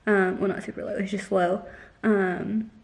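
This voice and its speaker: A woman's voice: medium pitch, level tone, unhurried, gravelly. A young woman vlogging casually, telling a story in a chatty way with lots of "like" and acting out the lines of others. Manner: chatty, heavy use of "like", retells dialogue.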